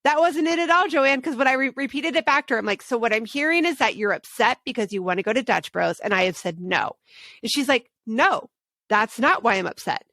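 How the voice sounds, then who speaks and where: Lively storytelling woman host. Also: high voice, fast, no echo. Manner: animated storyteller, laughs often. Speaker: podcast host. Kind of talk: casual parenting podcast chat.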